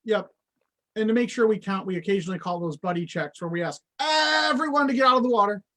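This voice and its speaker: A man's voice: high voice, fast talker, a bit bright. A man on a guest spot, explaining water safety to kids in a friendly, plain way.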